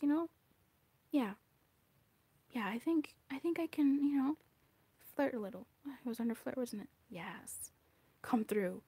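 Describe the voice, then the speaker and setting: Speaking in a high-pitched voice with no room sound, a woman delivers a lively, informal tarot reading. Her chatter includes swearing, sudden whispers, and small acted-out asides.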